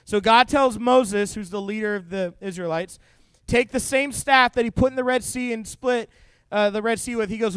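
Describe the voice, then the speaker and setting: A man's voice: high voice, moderate pace, clean tone, dry recording. A young man giving a jokey youth sermon, telling funny stories to teenagers. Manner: jokey, animated storytelling to teens. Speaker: youth pastor.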